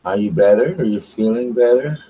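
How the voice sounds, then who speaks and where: A man's voice: fairly low pitch, fairly quick, dark tone, breathy edge, rough recording. Affectionate man chatting from bed. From US South. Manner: chatty, affectionate, greets viewers by name. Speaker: channel host. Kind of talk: casual live-stream chat. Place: bedroom at home.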